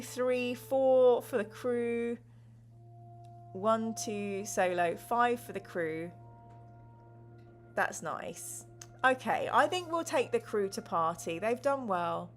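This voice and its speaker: Upbeat female streamer with a slightly high voice, reading chat and narrating game text. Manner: bubbly, laughs often, reads chat aloud. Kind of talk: live-stream gamebook play and chat reading.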